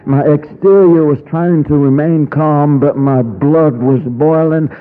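A man's voice: a little high, fairly even intonation, slow. A male preacher telling a personal story in a sermon, dramatic and drawn out, with sudden rises in his voice. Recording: tinny phone-like radio broadcast.

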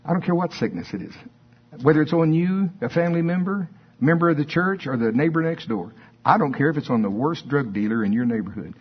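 A man preaching a sermon, swinging between high emphatic bursts and low, quiet asides. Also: lively intonation, a little fast, husky. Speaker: pastor. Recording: dull lo-fi sermon recording.

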